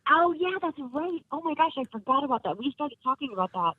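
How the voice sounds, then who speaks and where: A woman's voice: high-pitched, sing-song, quick pace, no room sound. A woman, an actress guest on a podcast, chatting casually and laughing often, with lots of fillers. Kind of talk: casual chat. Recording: narrow phone-like sound.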